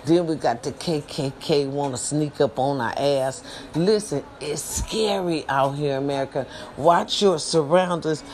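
A middle-aged woman hosting her own podcast, talking bluntly and profanely straight to her listeners, swinging from loud scolding to low warnings. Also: a little hiss or hum. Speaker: podcast host. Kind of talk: casual monologue podcast.

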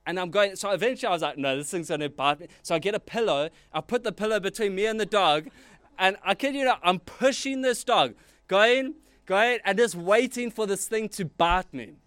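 High-voiced animated preacher man. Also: normal speed, clear, resonant tone, no room sound. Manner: animated, storytelling with asides and jokes. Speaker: pastor. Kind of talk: sermon.

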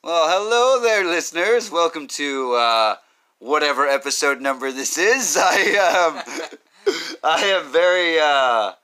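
A man's voice: fairly high pitch, lively intonation, takes it slowly, bright, forceful tone. A man hosting a podcast in a rambling, joking chat, swearing freely. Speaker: podcast host. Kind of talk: casual chat.

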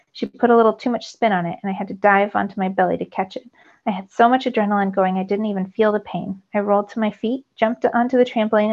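A woman teacher reading a novel aloud to her students, telling it with lively storytelling that rises with the action. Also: medium pitch. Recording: dull lo-fi recording.

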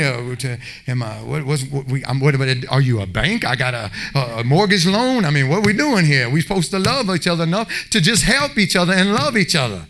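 A man preaches with fervor, his voice pitched notably high for a man. He swings between loud exhortation and quieter pleading, acting out short bits of dialogue along the way. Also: sing-song, a little fast, few pauses. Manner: passionate, impassioned preaching with acted-out voices. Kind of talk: sermon.

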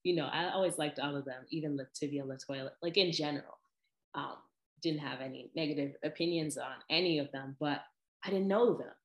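A woman talking casually about the interviewers who inspire her, animated and full of asides. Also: sits low, brisk, highs cut off. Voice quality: animated, lively with laughs and imitated voices. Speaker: podcast host. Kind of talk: casual chat. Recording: echoey room.

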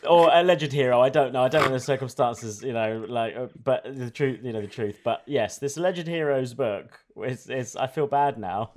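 A man's voice: normal speed, a crowd in the background. Joking, riffing man co-host. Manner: riffing, laughing, spins jokey movie pitches. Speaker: podcast co-host. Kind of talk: casual comedic chat.

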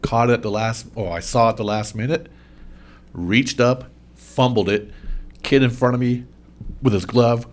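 A man co-hosting a podcast, telling animated stories that poke fun at himself in casual sports chat. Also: medium pitch, normal speed, pauses often. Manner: animated storyteller, mocks himself. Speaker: podcast co-host.

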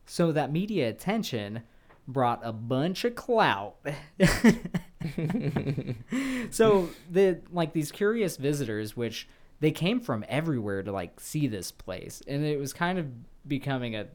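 A man's voice: medium pitch, big pitch swings, measured pace, a little mellow. A man co-hosting a podcast, telling a paranormal story in a loose, chatty way with swearing and laughter. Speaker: podcast co-host. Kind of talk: casual podcast chat.

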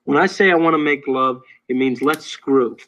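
Actor playing a blunt, crude boyfriend. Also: male voice, mid-range voice, moderate pace, a bit bright, close to an everyday voice, low-quality recording. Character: blunt young boyfriend, plain-spoken and crude. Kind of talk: film dialogue.

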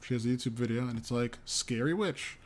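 A man's voice: medium pitch, fairly quick. A man co-hosting a podcast, reading entertainment news aloud with frequent ums and casual asides. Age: adult parent of a young child. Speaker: podcast co-host.

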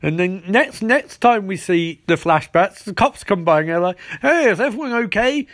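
A man hosting a show, rambling through a casual, sarcastic episode recap with quick asides. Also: sits high, fairly bright tone.

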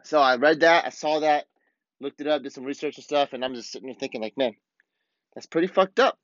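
A podcast host with a medium-pitched, fairly bright voice talks fast in a steady tone, recorded dry and lo-fi. His casual monologue is a blunt, heated, fired-up rant packed with swearing.

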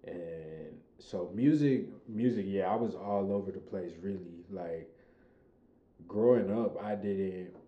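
A young Chicago recording artist guests on a podcast, speaking low and slow in a loose, laid-back way and swearing freely. The casual chat sounds reverberant, with the highs cut off.

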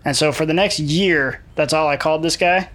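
A man's voice: fairly high pitch, normal speed, a bit bright. A young man chatting casually with friends on a podcast, telling stories with self-mocking laughs. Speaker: podcast co-host. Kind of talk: casual chat among friends.

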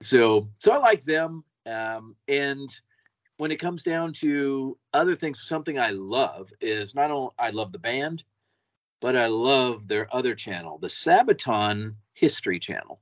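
Enthusiastic man, lively podcast chat. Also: mid-range voice, unhurried, dry recording. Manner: enthusiastic, repeats words when excited. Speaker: podcast co-host. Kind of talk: casual chat.

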